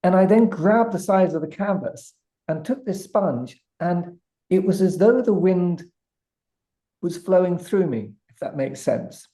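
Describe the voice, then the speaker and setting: A British man with a mellow, warm tone tells a lively anecdote as a podcast guest. He builds the story step by step, often restarting his phrases as he goes. His voice keeps a relaxed, unhurried warmth. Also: high voice. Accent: British English. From Britain. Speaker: guest artist. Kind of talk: animated storytelling.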